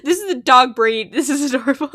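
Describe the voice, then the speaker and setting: A woman's voice: sits high, lively intonation, a little fast, fairly bright tone. A young woman chatting casually as she plays a game on a live stream, talkative and laughing often at her own remarks. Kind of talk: casual chat while playing a game.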